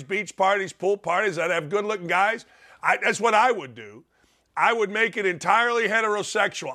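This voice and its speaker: A man hosting a radio show, delivering an opinionated monologue with lots of stammering restarts and repeated phrases. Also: high-pitched. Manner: repetitive, excitable, stammering restarts. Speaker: talk radio host.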